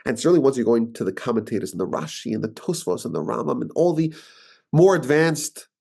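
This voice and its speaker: A man's voice: mid-range voice, darkish tone, slightly rough. A man with a New York accent, a rabbi giving an informal, argumentative teaching talk and often repeating words as he thinks.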